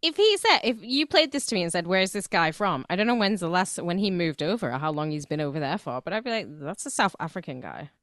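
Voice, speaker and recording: A woman co-hosting a crude comedy podcast, blunt and quick to laugh. Her pitch swings widely as she talks, and the sound is close and dry. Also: very animated, fairly bright tone, no echo. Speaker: podcast co-host.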